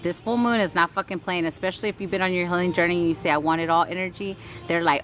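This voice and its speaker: A woman's voice: on the low side, steady tone, fast talker, few pauses, fairly bright tone, slight background noise. A woman hosting a casual spiritual livestream, reading chat aloud, greeting viewers by name and urging them on with repeated "right?" and casual swearing.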